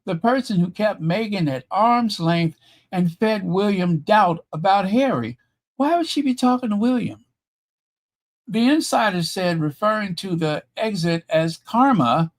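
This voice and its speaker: A man hosting a live stream, reading royal news reports and viewer comments, then adding sarcastic, chatty asides with fillers. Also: high voice. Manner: chatty, with fillers and self-corrections. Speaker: YouTube royal news host.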